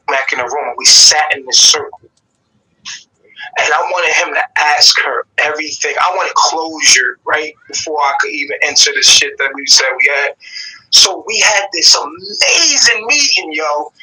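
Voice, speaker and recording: A man's voice: high-pitched, sharp tone, rough recording. A man hosting a live call-in show, telling a long personal story with lots of slang and swearing, acting out what each person said. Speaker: show host.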